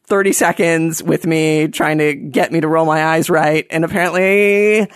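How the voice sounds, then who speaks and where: A man telling a funny personal story in an animated, sarcastic way, dropping to mumbled asides and jumping up for mocking voices. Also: a little high, moderate pace, clean tone, no room sound, clean studio sound. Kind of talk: comedic personal anecdote.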